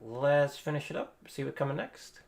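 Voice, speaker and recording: Electric guitar plays behind a guitar teacher running a live stream, where he loosely reacts to a guitar lesson video and swears from time to time. His fairly high voice is expressive, with vocal fry, at a normal speed.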